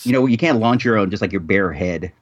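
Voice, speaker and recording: A man co-hosting a podcast in casual chat, animated and joking, rambling through bits. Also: lowish voice, a little fast, dull audio. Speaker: podcast co-host.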